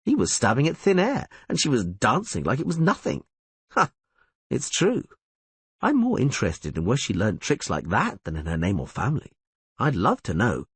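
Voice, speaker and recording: A man's voice: medium pitch, wildly swooping pitch, moderate pace, breathy edge, no room sound. A man voicing a blunt male gang leader who fires off curt questions.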